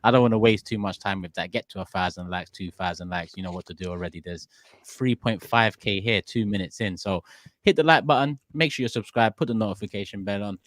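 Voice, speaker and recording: A man hosting a football talk show with upbeat shout-outs. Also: lowish voice, quick pace, no room sound. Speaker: host. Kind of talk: casual chat.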